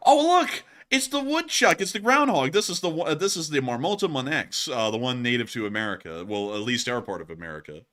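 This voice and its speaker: A man hosting a casual live stream, excitable and laughing often, with sudden loud exclamations. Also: mid-range voice, a little fast, hardly any pauses. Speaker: livestream host.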